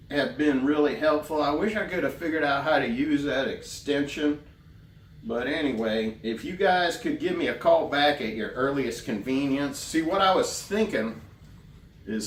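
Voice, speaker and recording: A man playing a naive, earnest grown man who rambles slowly through a voicemail in deadpan comedy, recorded at a distance in a roomy space. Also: mid-range voice, slight background noise, natural voice. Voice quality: rambling, meandering, slow and earnest. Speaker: comedy character leaving a voicemail. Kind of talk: deadpan character comedy monologue. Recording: roomy, distant mic, faint ambience.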